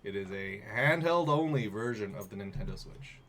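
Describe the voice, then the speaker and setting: A man's voice: lowish voice, expressive, moderate pace, fairly bright tone, slight background noise. A man co-hosting a casual gaming news show, joking, laughing and repeating words for fun. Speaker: co-host.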